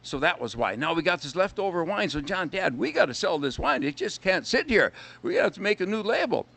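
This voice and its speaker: This winery owner from Minnesota, an older man, has a high, sing-song voice that's brisk, creaky, and fairly bright. As a radio guest in a casual chat, he tells stories and sings a jokey bit.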